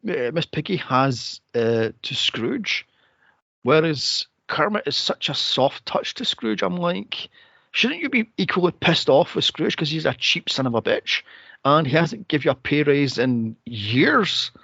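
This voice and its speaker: Animated, gravelly man retelling a movie. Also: unhurried, no echo, lo-fi sound. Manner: laughing, animated retelling with squeaky impressions. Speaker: podcast co-host. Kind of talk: casual movie-review chat.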